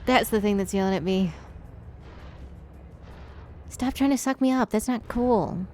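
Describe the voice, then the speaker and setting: A woman's voice: medium pitch, unhurried, darkish tone, soft background music. Woman streamer chatting away to her viewers while she plays, goofy and playful. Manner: chatty, playful, talks to chat and the game. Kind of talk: casual gameplay streaming.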